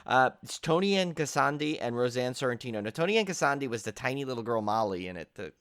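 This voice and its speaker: A middle-aged man talks quickly and loosely on a podcast, hopping between thoughts with lots of "like" and restarts. His voice sounds dry and close, with almost no room around it. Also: medium pitch, dry recording. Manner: rambling, animated, lots of "like" and restarts. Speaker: podcast co-host. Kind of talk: casual chat.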